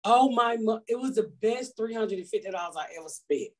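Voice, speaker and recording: A woman hosting a podcast, telling stories loudly and profanely in casual chat. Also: on the high side, a little fast. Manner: loud, profane, animated storytelling. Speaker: podcast host.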